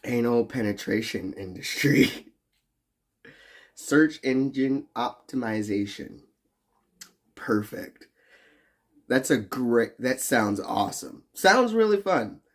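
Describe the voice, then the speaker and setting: A young adult man livestreams and reads his chat, speaking slowly at a medium pitch in a very animated way. The talk is casual, full of profane, teasing banter, jokes and frequent laughs.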